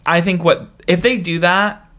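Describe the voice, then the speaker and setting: A young woman co-hosting a podcast in casual chat, chatty, with frequent laughs and quick asides. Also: on the low side, fairly even intonation, a bit bright. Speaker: podcast co-host.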